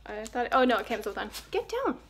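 Talking fast in a steady, medium-pitched voice, a young vlogger chats cheerfully at home indoors and scolds her dog in between. Slight background noise can be heard.

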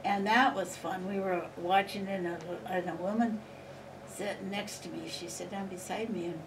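Gravelly and steady, this older woman's mid-range voice moves at a normal pace as she rambles through memories for an interviewer, laughing frequently. The recording comes from a distant mic with a faint hiss of background noise.

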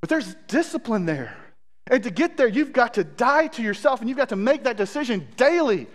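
A man's voice: very high-pitched, sing-song, a little fast. A man, a pastor, preaching a sermon, reading scripture aloud with asides and praying earnestly.

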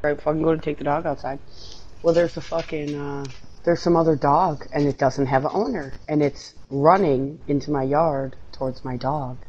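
A man's voice: on the high side, steady tone, normal speed, lo-fi sound, a little hiss or hum. A man chatting casually while playing a game, swearing constantly and telling a long rambling story. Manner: swears constantly, loud outbursts when losing. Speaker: co-player. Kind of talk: casual gaming chat.

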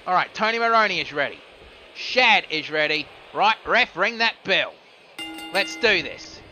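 A man giving live play-by-play commentary on a simulated wrestling show, excitable and joking, swearing casually. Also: high voice, unhurried, highs cut off. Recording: music playing behind.

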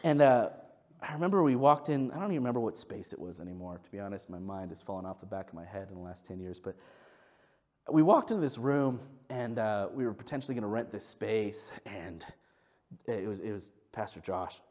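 A man in his thirties, a pastor preaching a sermon, telling stories with lively acted-out quotes and dropping to a soft, low voice for scripture readings. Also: brisk. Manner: animated storytelling, acts out quotes with big pitch jumps.

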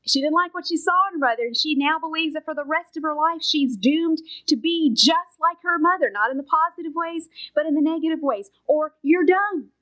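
Talking a little fast with few pauses, a high-voiced middle-aged Bible teacher preaches earnestly and emphatically, pressing her points with force and sometimes slipping into a soft whisper to highlight them. The recording is rough.

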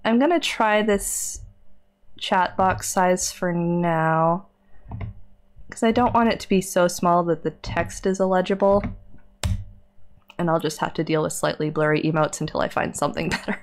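A woman's voice: fairly low pitch, normal speed, long pauses. Chatty woman streamer who laughs often. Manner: chatty, laughs often, reads chat aloud. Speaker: streamer and librarian. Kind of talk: casual live-stream chat while gaming.

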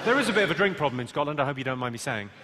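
A sharp, deadpan comedian working the crowd from a theatre stage, his voice pitched high and bouncing all over. He mocks the audience with quick comebacks. Loud waves of laughter crash in behind him. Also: heavy background noise. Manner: deadpan, mocking, quick comebacks, puts on regional accents. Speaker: stand-up comedian. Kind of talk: live stand-up with crowd work. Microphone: stage microphone.

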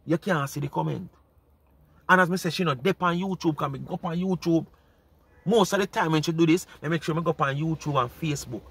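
A Jamaican man hosts a casual commentary chat in thick patois. His voice sits a little high, and he keeps hammering his points home with emphatic repetition. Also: fast talker, gravelly, fairly bright tone, husky. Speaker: commentary channel host.

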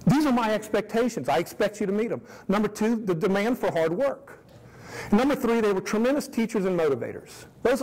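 A man's voice: high voice, a little mellow, poor audio. A middle-aged man, a swim coach, earnestly telling stories and laying out his philosophy to a room of parents, repeating key phrases for emphasis. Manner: earnest, storytelling, emphatic repetition.

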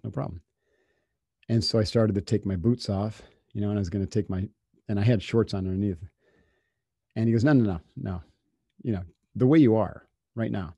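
Low, dark-voiced man telling a story. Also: creaky, breathy edge, no echo, clean studio sound. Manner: candid, casual, peppered with fillers and self-quotes. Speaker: podcast guest. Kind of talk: storytelling anecdote.

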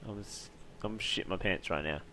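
A man giving loud, jumpy, swearing commentary while playing a horror game. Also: deep voice, normal speed, a little hiss or hum. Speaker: gaming YouTuber.

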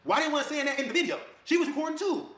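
Man ranting real fast, loud jabs then low mutters, kinda high voice. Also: lively intonation. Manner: fired up, swings between loud jabs and low mutters, mocks others' voices. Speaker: online video creator. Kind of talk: heated rant to camera. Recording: echoey room.

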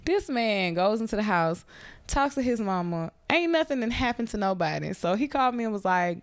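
A woman's voice: mid-range voice, a little fast, no echo. A young woman hosting a podcast, telling a story in casual chat and acting out the voices of the people in it. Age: young adult. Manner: animated, acts out quoted voices, laughs often. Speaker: podcast host. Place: Atlanta.

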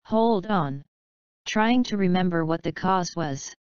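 A woman's voice: lowish voice, expressive, slow, clear, resonant tone, dry recording, lo-fi sound. A woman reading the part of a casual, wry young woman who speaks to the dead in an offhand, teasing way.

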